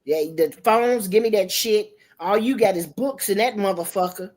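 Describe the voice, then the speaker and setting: A middle-aged woman hosting a livestream, telling a family story in casual chat, animated and profane, jumping into quoted voices. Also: medium pitch, normal speed, slight background noise. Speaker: livestream host. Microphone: streaming setup mic.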